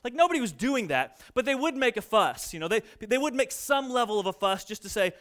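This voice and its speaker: Man, pastor, sermon, high voice, animated asides. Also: fairly quick, hardly any pauses. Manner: animated, mimics boastful people in asides.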